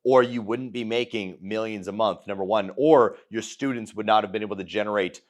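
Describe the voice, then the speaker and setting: A man's voice: fairly low pitch, brisk. A man co-hosting a casual podcast, talking bluntly and swearing freely as he makes his points. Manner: blunt, profane, emphatic. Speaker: podcast co-host.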